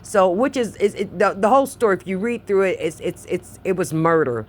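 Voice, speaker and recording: A woman's voice: mid-range voice, a little fast, slight background noise. A woman on a phone call pressing a complaint, insistent and emotional, often repeating herself.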